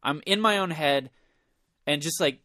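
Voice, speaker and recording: A man co-hosting a podcast, telling a story in casual chat, animated and profane, acting out his own panicked thoughts. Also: fairly high pitch, measured pace, dry recording, studio quality. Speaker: podcast co-host.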